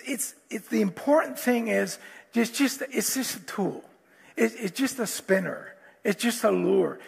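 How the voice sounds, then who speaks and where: A man preaching a sermon as pastor, animated and prone to restarts, acting out quotes from the story. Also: sits high, creaky, slightly rough. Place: church hall. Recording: long hall reverb, faint guitar.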